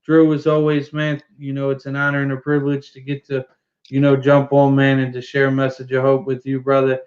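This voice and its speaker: Brief: male livestream guest, monotone, fillers and "man" everywhere, muffled lo-fi sound. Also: medium pitch, brisk. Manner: filler-heavy, keeps saying "man". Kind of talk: casual livestream chat. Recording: dull lo-fi stream audio.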